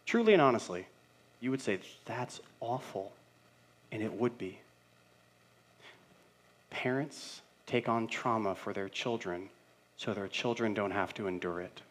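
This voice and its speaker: A man's voice: on the low side, lively intonation, normal speed, long pauses. Conversational man preaching a sermon. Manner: conversational, playful, emphatic with rhetorical questions. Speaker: senior pastor.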